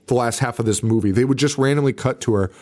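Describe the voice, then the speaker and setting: A man in loose podcast chat about a horror film, his voice sitting at an ordinary middle pitch. He curses freely, laughs often and slips into quick impressions of the characters as he retells the plot. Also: darkish tone. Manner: profane, laughing, acts out characters' lines. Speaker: podcast co-host. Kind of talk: casual movie-recap chat.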